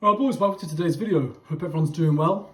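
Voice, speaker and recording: Chatty lad in echoey room. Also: male voice, fairly high pitch, quick pace, over loud music. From England. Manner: chatty, addresses viewers as boys, frequent okay. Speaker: fitness vlogger. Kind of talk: casual vlog to camera.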